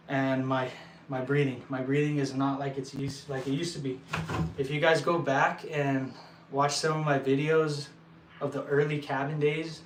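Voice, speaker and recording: Winded and sincere, a young adult male vlogger from El Paso, Texas, chats with viewers at an indoor construction site, stopping and restarting often in a slightly high voice. The distant mic picks up the roomy echo plus a little hiss or hum.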